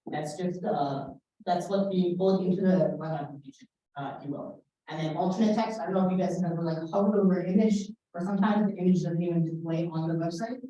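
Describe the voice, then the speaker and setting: Soft-voiced young woman lecturing in echoey room. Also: lowish voice, fast, far from the mic, dull audio. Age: young adult. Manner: hesitant, many fillers and restarts. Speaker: workshop instructor. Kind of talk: casual classroom lecture. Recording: roomy echo, voice from afar.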